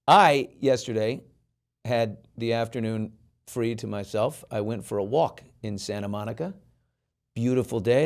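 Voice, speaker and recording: Animated male talk show host. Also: mid-range voice, gravelly. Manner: animated storyteller who acts out quoted people. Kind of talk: casual chat.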